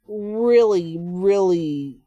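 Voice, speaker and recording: A woman's voice: mid-range voice, lively intonation, extremely slow, warm tone, no room sound, muffled recording. A woman chatting casually while livestreaming a nail art session, rambling and joking to her viewers. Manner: chatty, rambling, self-deprecating asides.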